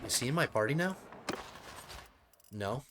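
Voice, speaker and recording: A man hosting a let's play, giving casual gameplay commentary and getting excitable as he thinks aloud. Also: medium pitch, a little slow, noisy background. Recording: game music playing under the voice. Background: game music.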